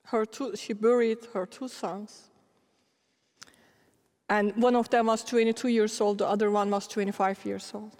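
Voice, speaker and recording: A middle-aged woman preacher telling animated, laughing stories in a sermon. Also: mid-range voice, normal speed. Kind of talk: storytelling sermon. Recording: long hall reverb.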